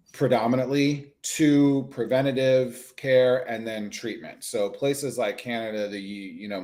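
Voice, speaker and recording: A man's voice: medium pitch, a little mellow. A man in his thirties, a nurse practitioner talking casually and animatedly on a livestream with lots of fillers.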